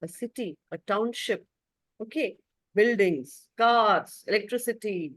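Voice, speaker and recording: Woman teacher telling a story, expressive, keeps clearing her throat, dry close sound. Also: mid-range voice, unhurried, no room sound. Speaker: spiritual teacher. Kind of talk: storytelling talk.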